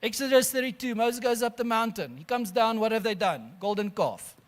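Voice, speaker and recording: Fields: high-voiced preacher. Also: male voice, brisk. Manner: animated, addresses listeners as friends, laughs often. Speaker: pastor. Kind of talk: sermon.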